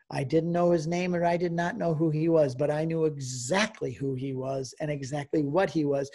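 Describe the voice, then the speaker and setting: Husky-voiced older man telling his story. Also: on the high side, mellow. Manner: storytelling, emotional, acts out quoted dialogue. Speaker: guest speaker. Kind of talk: personal testimony lecture.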